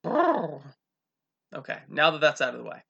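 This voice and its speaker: A man voicing an overblown male talk-show host persona, booming and theatrical in a mock talk-show monologue. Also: huge pitch swings, takes it slowly, gravelly, pushed and bright, husky, dull audio, full character voice. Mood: grandiose.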